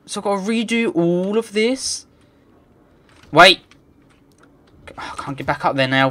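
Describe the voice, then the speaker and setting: A man's voice: high voice, unhurried, vocal fry, pauses often, sharp tone. A man giving let's play commentary, muttering to himself and swearing in frustrated rants. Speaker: gamer.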